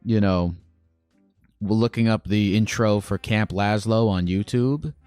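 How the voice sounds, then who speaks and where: Male call-in host, low voice, dry close sound, rambling, self-aware chat with a caller. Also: slow, darkish tone, clear, resonant tone, no echo, soft background music. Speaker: advice show host. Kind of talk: casual advice chat with a caller.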